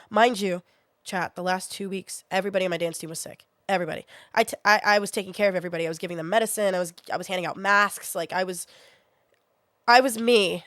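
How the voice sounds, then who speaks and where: A woman's voice: mid-range voice, fast talker, fairly bright tone, no echo, studio quality. A young woman streaming from her bedroom, telling a story to her chat in a casual, chatty way and acting out what she said back then. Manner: chatty, acts out her own past lines.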